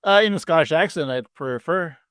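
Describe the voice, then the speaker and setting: A man co-hosting a podcast in relaxed, rambling chat, laughing often. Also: a little high, brisk, clear, resonant tone, no echo, studio quality. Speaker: podcast co-host. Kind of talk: casual chat.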